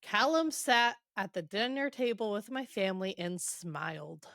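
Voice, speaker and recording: A woman's voice: mid-range voice, expressive, normal speed, fairly bright tone, no room sound, clean studio sound. A woman hosting a podcast, casually recapping a book in a chatty, irreverent way, swearing and laughing along. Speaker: podcast host.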